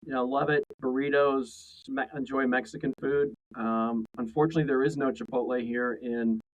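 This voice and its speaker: A man's voice: medium pitch, steady tone, moderate pace, rough recording. A man co-hosting a casual trade podcast, talking in a rambling way full of restarts. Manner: rambling, many fillers and restarts. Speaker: co-host.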